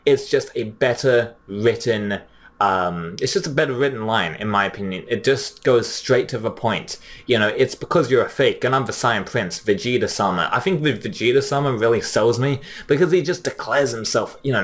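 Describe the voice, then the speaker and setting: A young man giving casual, chatty commentary, often pausing with fillers and restarting his sentences. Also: mid-range voice. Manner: chatty, frequent fillers, restarts, reads quotes plainly. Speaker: anime commentary host. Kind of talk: casual commentary comparing dub lines.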